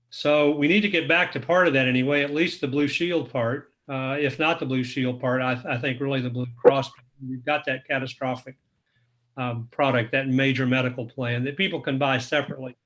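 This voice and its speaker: A man speaking in a measured, explanatory way on an online panel discussion. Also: medium pitch, fairly bright tone.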